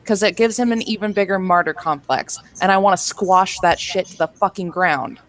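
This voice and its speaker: A woman in casual group voice chat who talks blunt and quick and swears heavily. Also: lowish voice. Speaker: livestream guest.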